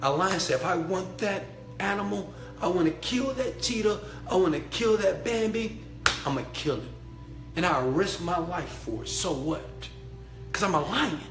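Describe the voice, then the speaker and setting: Male motivational preacher with a bright, forceful voice who goes from murmurs to shouted chants, recorded in a roomy space. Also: high-pitched. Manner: blunt and profane. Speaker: motivational speaker and mentor. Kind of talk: fired-up motivational talk to an online audience. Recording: echoey room with faint music.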